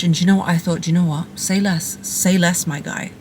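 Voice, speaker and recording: A woman's voice: lowish voice, steady tone, fast talker, a little mellow, a little hiss or hum. A woman speaking as a relationship coach, giving direct-to-camera advice in an emphatic, playful and blunt way, repeating punchy phrases.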